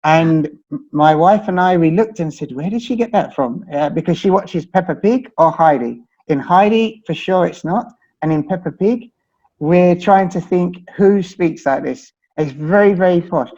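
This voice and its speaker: A man's voice: sits high, moderate pace, darkish tone. A man with a British accent, chatting and telling anecdotes as a teacher in a webinar discussion. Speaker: English teacher. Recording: dull lo-fi sound.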